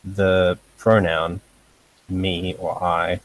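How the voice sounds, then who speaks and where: Casual online tutor, male, low and unhurried, halting delivery with fillers and nervous laughs, on a voice call. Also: level tone, slight background noise, rough recording. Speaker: language teacher.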